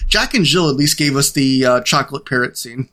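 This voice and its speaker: A man's voice: mid-range voice, animated, fairly quick, sharp tone. A man chatting casually over drinks on a podcast, opinionated and wordy. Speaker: podcast co-host or guest.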